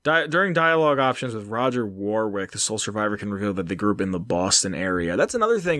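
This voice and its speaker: A man's voice: fairly low pitch, very animated, fast talker, few pauses, fairly bright tone, dry recording. A man hosting a casual podcast, rambling and joking with a profane, ranting manner. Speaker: podcast host.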